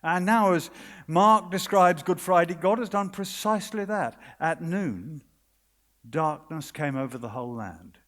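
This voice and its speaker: British guy preaching, high voice, earnest and dramatic, big hall echo. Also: lively intonation. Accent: British English. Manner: earnest, dramatic, with hushed pauses and quoted voices. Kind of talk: sermon. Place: conference hall. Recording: long hall reverb.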